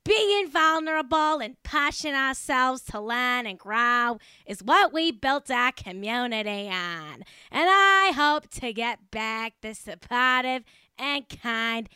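Lady doing a fake boston accent, slow and mock serious, smooth voice. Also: fairly high pitch, animated, pushed and bright, dry recording, studio quality, full character voice. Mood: mock-solemn. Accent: put-on Boston accent. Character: woman reading an apology in a put-on Boston accent.

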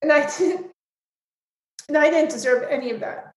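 A woman's voice: high voice, normal speed, reverberant, rough recording. A woman guest speaking candidly in an interview, frank and full of "like" fillers, swearing freely.

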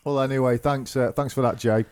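A man's voice: mid-range voice, fairly even intonation, a little fast, darkish tone, a little hiss or hum. Wry man on a podcast. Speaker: podcast co-host. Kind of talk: casual banter.

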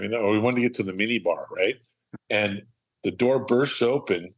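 A man's voice: fairly low pitch, a little fast, low-quality recording. A middle-aged man from Southern California, a podcast guest, telling rambling, profane anecdotes and acting out the quotes. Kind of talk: casual storytelling.

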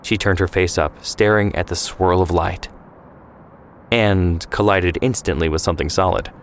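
Deep-voiced man narrating a drama. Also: fairly even intonation, normal speed, slight background noise.

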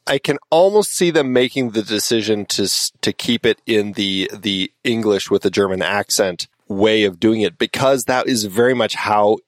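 A man's voice: lowish voice, normal speed, few pauses, no room sound, clean studio sound. A man hosting a casual podcast film discussion, asking questions and steering the talk. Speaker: podcast host.

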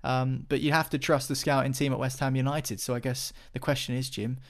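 A man's voice: medium pitch, level tone, brisk. Chatty male football pundit. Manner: chatty, many restarts and fillers. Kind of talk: casual football chat.

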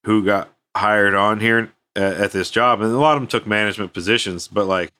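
A man's voice: on the low side, a little fast, sharp tone, clear, resonant tone. A man in easygoing casual chat on a podcast, often chiming in with short replies.

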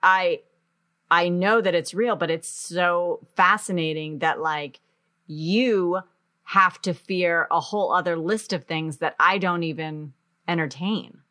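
Woman, low voice, casual chat, reflective, loose phrasing with fillers. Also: slow pace, bright, forceful tone. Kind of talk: casual conversation.

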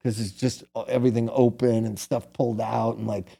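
A man's voice: mid-range voice, level tone, brisk, gravelly, mellow, breathy edge. A middle-aged man casually telling a long personal story as a guest, candid and rambling, often tagging "right?" onto his sentences.

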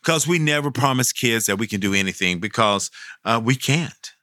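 A middle-aged man from Texas, a professional Santa Claus, tells stories in an interview, animated and quick to laugh. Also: no echo, studio quality. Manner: animated, jumps high when quoting kids, laughs often. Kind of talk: storytelling interview.

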